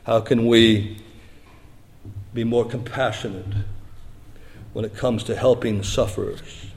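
A man preaching a sermon as pastor. He moves between hushed, low passages and raised, emphatic lines. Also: steady tone, slow pace, in a large hall.

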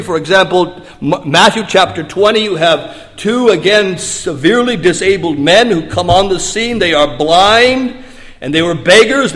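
Guy preaching, kinda high voice, goes quiet and low then punches lines up loud, big hall echo. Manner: preaching, swinging between hushed low passages and raised emphatic lines. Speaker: pastor. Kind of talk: sermon.

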